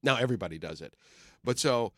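A middle-aged man from Detroit who hosts a film show, telling animated stories in casual chat and acting out the people he quotes. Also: medium pitch, fast, no echo, clean studio sound. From Detroit, USA. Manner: animated storyteller who acts out quoted voices.

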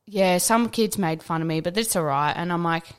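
A woman's voice: lowish voice, moderate pace, smooth. A young adult woman, chatting earnestly as a podcast co-host and acting out the people in her stories. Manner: earnest, animated storyteller, acts out quotes, swears casually. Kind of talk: casual chat.

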